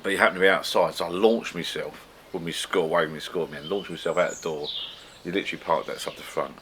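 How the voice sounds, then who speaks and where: Rambling low-voiced middle-aged British man. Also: fairly even intonation, fast, background noise. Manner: rambling and chatty, with frequent restarts. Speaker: vlogger. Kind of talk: casual chatty vlog. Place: backyard garden bar shed.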